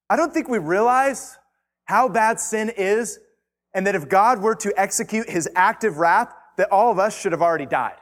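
High-voiced man preaching in a reverberant hall. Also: expressive, moderate pace. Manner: emphatic preaching, rising intensity, repeated lines. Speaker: pastor. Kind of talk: sermon.

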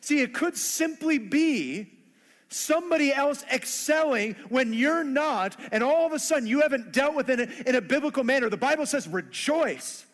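A man's voice: very high-pitched, a bit bright, big-room sound. A man preaching a sermon who acts out everyday conversations in playful voices. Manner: acts out dialogue in funny voices. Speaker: pastor.

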